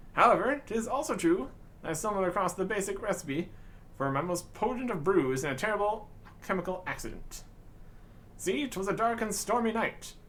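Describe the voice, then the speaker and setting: A man's voice: sits high, fairly bright tone. A man voicing a rambling male pirate who brews rum in a fantasy game, spinning yarns in old-fashioned pirate talk. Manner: storytelling pirate talk, says 'tis and lad.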